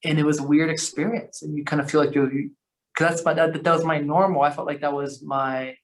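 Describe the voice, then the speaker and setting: A man telling long stories as a podcast guest, rambling and animated, with lots of fillers, restarts and slang. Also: a little high, fairly quick. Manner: slangy, calls the host bro. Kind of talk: casual storytelling conversation.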